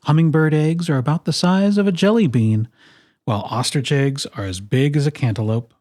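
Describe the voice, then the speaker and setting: A storyteller reading a children's picture book aloud, with expressive, playful emphasis on its lists. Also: medium pitch, moderate pace, dry recording, clean studio sound.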